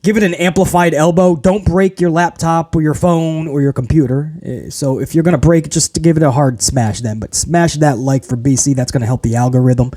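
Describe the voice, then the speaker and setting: Profane, animated man ranting about wrestling. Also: a little high, a little fast, hardly any pauses. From grew up in housing projects. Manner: profane, animated, mocking impressions. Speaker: wrestling show reviewer. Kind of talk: casual rant review.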